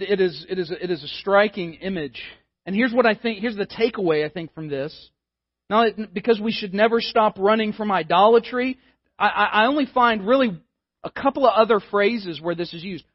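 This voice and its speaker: A man's voice: sits high, no room sound, muffled recording. A male pastor giving a conversational, emphatic sermon, often repeating words as he builds a point.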